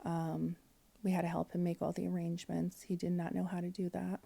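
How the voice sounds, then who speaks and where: A woman in her forties tells a personal story on a podcast, candid and emotional. Her voice sits a little low and sounds warm and mellow. She fills gaps with "um" and acts out what people said. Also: monotone, fairly quick, vocal fry, husky. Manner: candid, emotional, with frequent fillers and quoted dialogue. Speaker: podcast guest.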